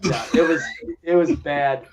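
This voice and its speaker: Profane, animated man telling stories. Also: fairly high pitch, measured pace, noisy background. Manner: profane, animated storyteller acting out quotes. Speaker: podcast host. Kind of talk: casual chat. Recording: dull lo-fi sound.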